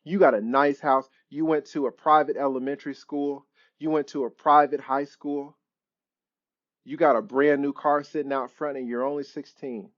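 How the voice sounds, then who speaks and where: A man's voice: on the high side, fairly even intonation, moderate pace, dull audio, close to an everyday voice. A man acting out a proud, wounded father who lectures his son about all the money he earned. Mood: indignant.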